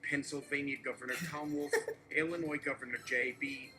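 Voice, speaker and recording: A man reading a satirical political speech aloud in a deadpan way, listing names and policies one after another. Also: medium pitch, a little fast, over music, low-quality recording. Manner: steady listing delivery. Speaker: host reading a mock speech.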